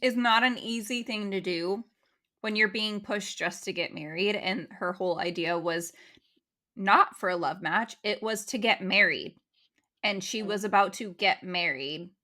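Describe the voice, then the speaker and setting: This young woman speaks with a bright, forward tone in a casual podcast chat. She talks in a steady, earnest way and often chimes in with quick agreement. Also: mid-range voice. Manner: steady and earnest, with lots of short agreeing replies. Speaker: podcast co-host.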